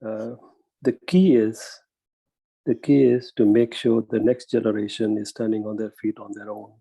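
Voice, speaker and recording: A man's voice: fairly low pitch, steady tone, normal speed, gravelly, warm tone, breathy edge, no room sound, low-quality recording. A man with a New York accent giving modest, chuckling remarks as a guest on a video call. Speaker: guest banker.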